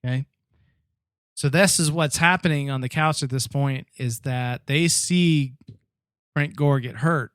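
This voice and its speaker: A man's voice: medium pitch, a little slow, fairly bright tone, clear, resonant tone, no room sound. Chatty man with a dry close sound. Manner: chatty, explains patiently with many restarts and laughs. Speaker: podcast host. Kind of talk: casual chat recapping a TV episode.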